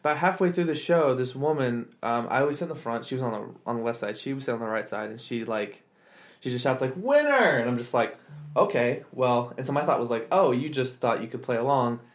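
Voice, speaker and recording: A man's voice: mid-range voice, fairly even intonation, fast. A man hosting a podcast, telling a story in casual chat, acting out quotes in exaggerated voices with lots of fillers. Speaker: podcast host.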